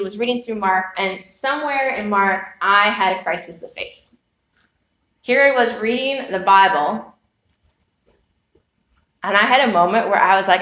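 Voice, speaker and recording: A woman with a slightly high, somewhat bright voice preaches a sermon in an echoey room. She tells a personal story, posing earnest, reflective rhetorical questions.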